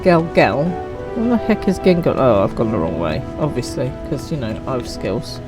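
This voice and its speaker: A woman's voice: extremely low pitch, big pitch swings, moderate pace, music in the background, low-quality recording. A woman streaming a game, chatting casually and teasing herself. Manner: chatty, self-mocking. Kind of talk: casual gameplay commentary.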